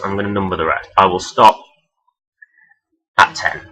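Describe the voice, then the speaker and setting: A man talking casually and rambling as he counts down his favourite characters, swearing freely and filling pauses with "um". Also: sits low, bright, forceful tone, low-quality recording. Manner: rambling, profane, many fillers. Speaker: vlogger ranking toy robot characters. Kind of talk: casual unscripted countdown talk.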